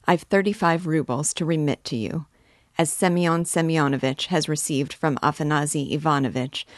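Woman reading a nervous polite little messenger man, fussy and humble, low dry voice. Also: no room sound, lightly acted. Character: timid, deferential male office messenger.

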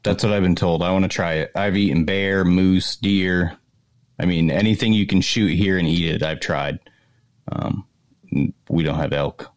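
A man from Maine telling lively, profanity-laced stories in casual chat. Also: low voice, moderate pace. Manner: animated storyteller, swears freely, laughs often.

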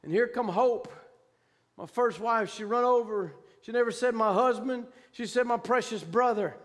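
High-voiced fervent male preacher. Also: normal speed, in a large hall. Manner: fervent, emphatic preaching with vernacular grammar. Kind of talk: sermon, recounting a vision.

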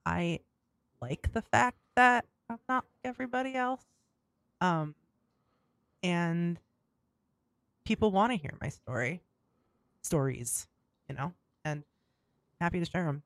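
A woman's voice: on the low side, lively intonation, takes it slowly, gravelly, long pauses, dry recording. Chatty self-deprecating woman guest. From Rust Belt, United States. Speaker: podcast guest. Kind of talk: casual interview chat.

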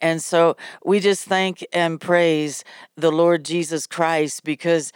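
Slow, smooth-voiced woman preaching. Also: low-pitched, steady tone, no echo, studio quality. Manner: halting, repeats words, fervent exclamations. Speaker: ministry host and preacher. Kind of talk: devotional sermon.

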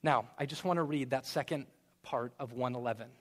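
A man in his thirties preaching a sermon in a conversational way, with sudden loud emphasis and slowed, stretched words. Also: mid-range voice. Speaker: pastor. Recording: long reverb of a large hall.

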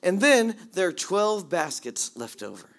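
A man preaching a sermon, animated as he retells the story, swinging from hushed asides to excited bursts. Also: high-pitched, a little slow. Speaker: pastor.

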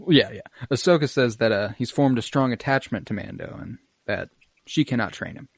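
A man's voice: mid-range voice, normal speed, creaky, no echo. A young man casually retelling an episode in a podcast chat, acting out lines in exaggerated voices and swearing freely. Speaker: podcast co-host recapping an episode.

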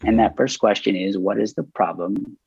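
A man with a gravelly, slightly husky voice tells a story in a relaxed interview, stumbling through restarts and playing out his own quoted lines. The sound is dry and a little dull, like lo-fi call audio. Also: on the low side, no echo. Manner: self-described nervous, halting with many restarts; animated, acts out quoted dialogue.

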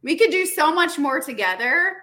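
A woman's voice: sits high, normal speed. A woman talking earnestly in a casual conversation, with lots of "like" and "you know". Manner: earnest, animated, many fillers.

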